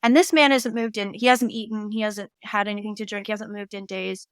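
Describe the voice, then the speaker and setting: A woman, a medium, telling a story casually in an animated way and quoting people in little voices. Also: mid-range voice, a little fast, clean tone, no room sound. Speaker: guest medium and tarot reader.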